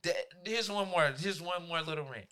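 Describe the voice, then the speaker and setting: A man, a teacher, telling a profane, animated story in a casual podcast chat. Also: fairly high pitch, moderate pace, clear, resonant tone, faint music behind.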